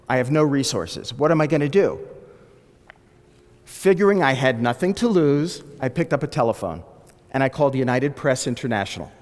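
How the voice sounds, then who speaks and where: A man telling a personal story to an audience, acting out the people he quotes in lively voices. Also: mid-range voice, normal speed. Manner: animated, acts out the people he quotes. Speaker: speaker telling his life story. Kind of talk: storytelling talk. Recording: long hall reverb.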